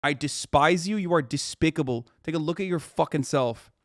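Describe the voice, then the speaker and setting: A man reacting to a news video on a livestream, ranting angrily and swearing heavily, his voice rising into shouts. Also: on the high side, moderate pace, no room sound, clean studio sound. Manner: profane, angry ranting.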